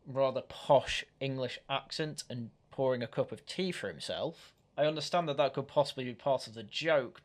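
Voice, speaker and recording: A man hosting a reaction commentary, speaking in a critical, argumentative way with frequent restarts. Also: medium pitch. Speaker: commentary channel host.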